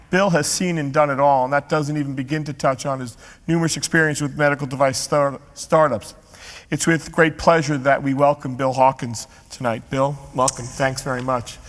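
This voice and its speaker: A man's voice: on the high side, fairly bright tone. A man hosting a live interview event, giving a formal, scripted introduction and asking questions. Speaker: interview host. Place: lecture hall with audience. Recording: long hall reverb.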